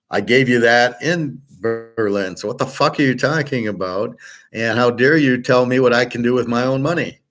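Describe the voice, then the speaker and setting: A man's voice: medium pitch, fairly bright tone. A middle-aged man talking in a blunt, profane, rambling way, full of fillers, as host of a casual monologue.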